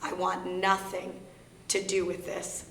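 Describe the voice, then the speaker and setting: A woman's voice: lowish voice, monotone, slow, fairly bright tone. Earnest woman telling her story in an echoey room. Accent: Minnesota. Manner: earnest, candid storytelling with shifting emphasis. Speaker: guest speaker on grief. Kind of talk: personal talk to an audience. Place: library meeting room. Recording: echoey room with faint hum.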